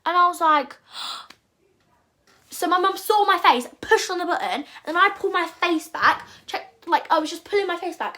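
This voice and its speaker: A young woman telling a rambling, animated storytime vlog and acting out her own panicked quotes. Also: high-pitched. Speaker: vlogger.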